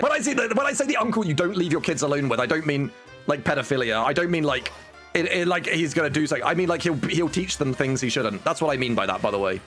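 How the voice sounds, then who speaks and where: A man streaming a game, talking in a loose, rambling way. He cracks jokes, swears freely and keeps throwing in "dude". Soft music plays quietly behind him. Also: fairly low pitch. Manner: rambling, joking, swears and says "dude" often. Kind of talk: casual gameplay chat.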